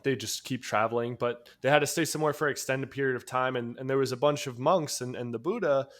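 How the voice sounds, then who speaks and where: A podcast co-host from New York, with a New York accent, rambles through a long story in a casual chat, swearing offhandedly and laughing often. His voice is mid-range and fairly bright, and he talks fast.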